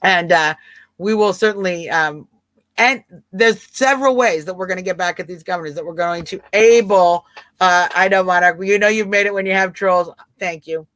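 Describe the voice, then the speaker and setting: A woman's voice: lowish voice, moderate pace, fairly bright tone, no room sound. A woman with a Southern twang hosting a live stream, chatting casually and answering viewers by name in an emphatic way. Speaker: livestream host.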